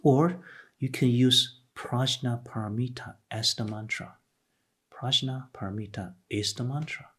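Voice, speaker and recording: A man's voice: medium pitch, unhurried, a bit bright, slightly rough. A man giving a patient, explanatory Buddhist lecture, often restarting and saying "okay" between points. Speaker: Buddhist teacher. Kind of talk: Dharma lecture.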